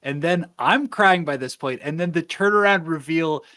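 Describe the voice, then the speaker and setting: A man's voice: fairly high pitch, moderate pace, bright, forceful tone. A man co-hosting a podcast, chatting casually about a movie and acting out quoted lines in a raised voice. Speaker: podcast co-host. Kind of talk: casual movie review chat.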